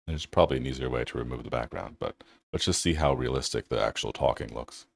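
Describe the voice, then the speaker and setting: A man's voice: very deep voice, quick pace, gravelly, a little hiss or hum. A man hosting a tech channel, giving loose, casual commentary over his screen and thinking aloud with fillers.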